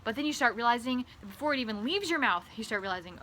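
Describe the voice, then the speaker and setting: A woman with a fairly high, bright, sharp voice talks to camera in a comedic vlog monologue. She rambles, stumbles over repeated words and swings from loud, excited bursts to hushed asides. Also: fast, a little hiss or hum. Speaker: author vlogger.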